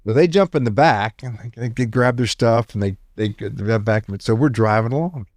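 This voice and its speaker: A man's voice: medium pitch, normal speed, dry recording, studio quality. A middle-aged man, a podcast guest, telling a long story in conversation and acting out the dialogue he quotes. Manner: animated storyteller who acts out quoted dialogue. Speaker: podcast guest, retired intelligence officer.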